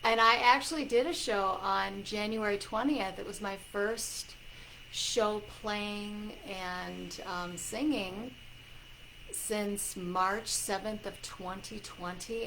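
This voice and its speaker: A woman hosting a casual livestream as a psychic coach, warmly greeting viewers by name with loud excited bursts. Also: medium pitch, creaky, a little hiss or hum, low-quality recording.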